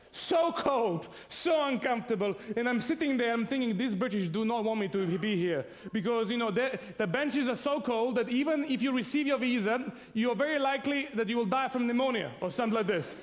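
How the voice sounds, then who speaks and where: A man's voice: very high-pitched, animated, fairly quick, big-room sound. A man from Serbia tells a funny personal story to an audience, laughing often as he goes. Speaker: speaker telling his story to an audience. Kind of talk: humorous personal testimony.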